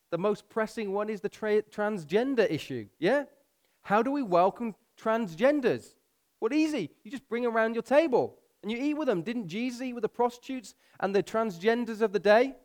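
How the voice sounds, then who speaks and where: A pastor preaching a sermon, pushing his voice up for emphasis and slowing down to read scripture. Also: high voice, lively intonation.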